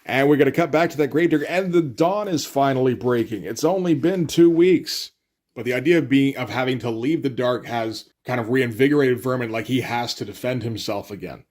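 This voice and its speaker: A man's voice: medium pitch, a little fast, darkish tone. A young man hosting a casual comic book breakdown, retelling scenes animatedly and quoting characters, with the odd swear. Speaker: comics review host.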